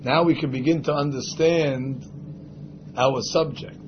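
A man's voice: on the high side, steady tone, a little slow, highs cut off, a little hiss or hum. A man teaching a religious class, speaking emphatically and acting out the voices of imagined people. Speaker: Torah teacher.

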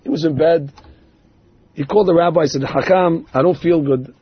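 A man teaching a sermon on Torah stories, acting out the dialogue of the people in them with lively changes of voice. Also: on the high side, normal speed, breathy edge. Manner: animated, acts out dialogue in the stories. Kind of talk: sermon with storytelling. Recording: dull lo-fi recording.

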